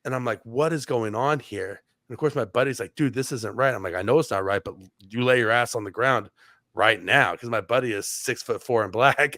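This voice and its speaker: A man's voice: medium pitch, brisk, sharp tone, no room sound, studio quality. A man on a podcast telling a long story casually, with many "like" fillers and restarts. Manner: rambling, heavy on "like" fillers and restarts. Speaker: podcast co-host.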